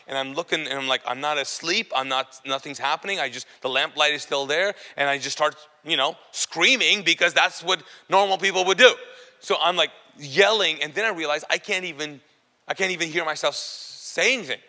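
A man tells a personal testimony in an animated, self-mocking way, playing to an audience. His voice is strikingly bright and sits a little high. It rings with the long reverb of a large hall. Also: fairly quick. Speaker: speaker giving a personal testimony. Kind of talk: humorous storytelling testimony to an audience.

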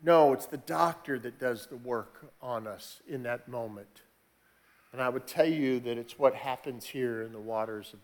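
A man preaching a sermon, moving from quiet, conversational teaching to raised, emphatic preaching. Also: medium pitch. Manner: conversational, with restarts and asides. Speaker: pastor.

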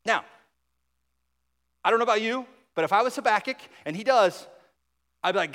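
High-voiced preacher man in a reverberant hall. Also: expressive, normal speed, long pauses. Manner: emphatic, drops to a hush on key points. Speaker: pastor. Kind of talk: sermon.

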